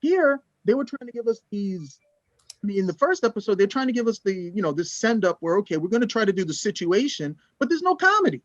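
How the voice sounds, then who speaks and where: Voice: mid-range voice, big pitch swings, fast talker, no echo, muffled recording. A co-host in a casual review chat, making emphatic, opinionated points. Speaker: podcast co-host.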